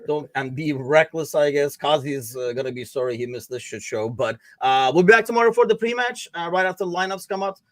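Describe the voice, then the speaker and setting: A man's voice: a little high, lively intonation, fairly quick, hardly any pauses, dry recording. A man hosting a casual podcast, joking and loose, with profanity. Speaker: podcast host.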